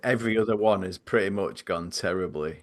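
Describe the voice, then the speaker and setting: A man's voice: low voice, fairly quick. A man, co-hosting a podcast, telling a story casually with lots of fillers. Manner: rambling, filler-heavy, laughs while telling. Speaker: podcast co-host.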